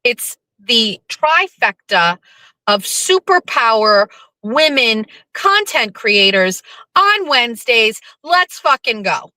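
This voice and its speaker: A woman's voice: fairly high pitch, big pitch swings, takes it slowly, pushed and bright, no room sound, low-quality recording. A woman hosting a livestream in casual, rambling chat, full of fillers and playful swearing. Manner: rambling and chatty, lots of fillers. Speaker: livestream host.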